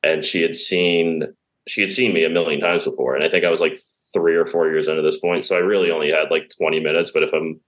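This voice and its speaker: A stand-up comedian from Pennsylvania, appearing as a guest, tells comedy stories in a casual chat. His voice is very deep and level, and he talks fast, often laughing through his own stories.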